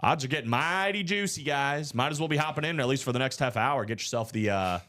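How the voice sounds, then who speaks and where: Upbeat male breaker who calls spots and hypes the odds, with very animated pitch. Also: fast talker. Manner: upbeat, slangy, hype-driven. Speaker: card break host. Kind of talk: live stream sales chatter.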